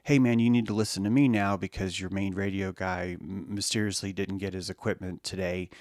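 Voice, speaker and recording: A man hosting a show in a rambling monologue, restarting his sentences often and acting out quotes in high voices. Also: a little fast, dry recording, clean studio sound. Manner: animated, acts out quotes in high squeaky voices; repeats words, restarts often, addresses listeners. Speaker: podcast host.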